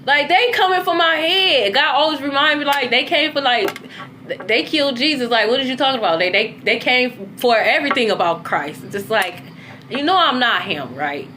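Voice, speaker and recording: High, bright-voiced woman ranting. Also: moderate pace, slight background noise. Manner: animated, swings from low to high, curses freely. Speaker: spiritual content creator. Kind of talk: casual monologue.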